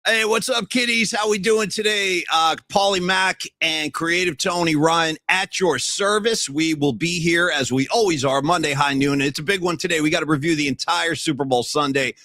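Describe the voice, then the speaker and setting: Male co-host, upbeat and jokey, fairly high for a man, dry close sound, a touch weary. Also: normal speed, hardly any pauses, sharp tone, dry recording. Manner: upbeat, joking, talks to viewers by name. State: a bit worn out after a big night. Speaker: podcast co-host. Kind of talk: casual sports talk show. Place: small studio.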